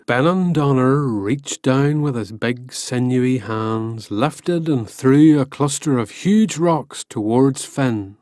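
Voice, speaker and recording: A man narrating an animated storybook, playful and expressive with wry asides. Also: mid-range voice, takes it slowly, no echo, clean studio sound.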